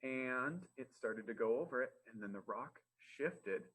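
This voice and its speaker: Lively young man reading stories to kids. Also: medium pitch, measured pace, low-quality recording. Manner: animated, friendly, encouraging. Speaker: library storytime reader. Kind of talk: reading aloud to preschoolers.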